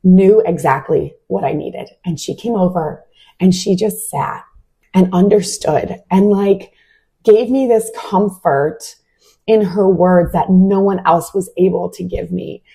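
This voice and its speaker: A woman's voice: on the low side, measured pace, vocal fry, dark tone, slightly rough. A young adult woman sharing a heartfelt personal faith testimony in a casual way, with many "like" fillers. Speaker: Christian podcast host.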